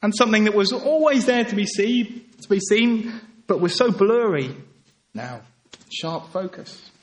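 A man preaching a sermon, earnest and pleading, swinging from emphatic peaks to quiet, soft passages. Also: sits high, expressive, measured pace.

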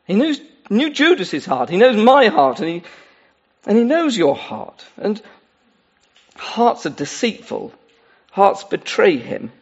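A man's voice: high-pitched, wildly swooping pitch, takes it slowly, long pauses, breathy edge, muffled recording. A man preaching a sermon in an earnest, pleading way, addressing his listeners directly. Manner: earnest, pleading, with many asides.

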